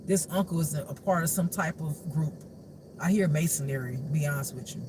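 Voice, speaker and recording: Spiritual reader, male, high-pitched; animated, profane, laughs a lot while preaching to his audience. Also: brisk, noisy background. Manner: animated, laughs often, swears freely; preachy, addresses the audience directly. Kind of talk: casual spiritual talk.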